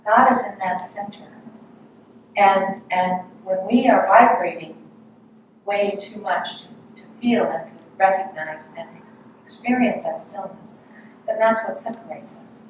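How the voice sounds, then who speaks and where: A woman giving a gentle, storytelling sermon in a large room, heard from a distant mic. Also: medium pitch, measured pace, very echoey, a little hiss or hum. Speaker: speaker at a spiritual service.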